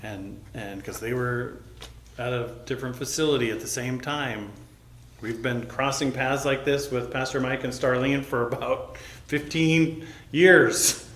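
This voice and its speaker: A man preaches in a relaxed, conversational way, a pastor walking the congregation through a personal story. His voice sits at an ordinary middle pitch, and he acts out the lines of the people in the story. The sound carries the reverb of a large church room. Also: measured pace. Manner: casual, conversational retelling with acted-out quotes. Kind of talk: sermon storytelling. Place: church sanctuary. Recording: echoey church hall.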